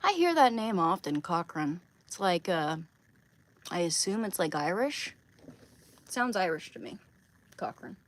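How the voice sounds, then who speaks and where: A woman's voice: lowish voice, big pitch swings, unhurried, pauses often, rough recording. A woman from Oregon chatting casually on a livestream, rambling and greeting viewers by name. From Oregon, USA.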